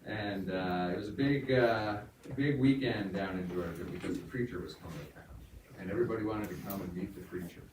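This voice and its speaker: A son telling a joke at his father's memorial in a funeral home, in a relaxed storytelling manner with fillers. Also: low voice, a little fast, hardly any pauses. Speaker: son of the deceased. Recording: echoey room from far off, noisy.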